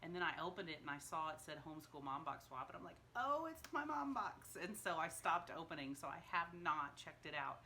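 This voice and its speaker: A woman chats through an unboxing vlog at home, gasping and gushing over every little gift. Her voice sits on the low side for a woman. A faint hum of the room runs underneath. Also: steady tone, quick pace, few pauses, bright, forceful tone. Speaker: homeschool mom vlogger.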